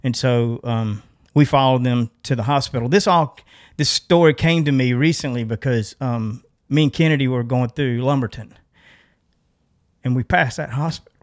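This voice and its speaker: At a normal pace and mid-range pitch, a middle-aged man relates a long story on a podcast he co-hosts. His delivery is casual and animated, with lots of laughing and impressions of the people in the tale.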